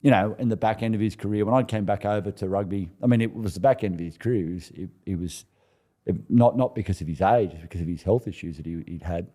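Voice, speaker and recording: A man in his forties with an Australian accent, a former rugby player telling stories in a relaxed podcast interview, often restarting and chuckling. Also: fairly low pitch, fast. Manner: laid-back, chuckling anecdotes with many restarts. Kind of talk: casual storytelling interview.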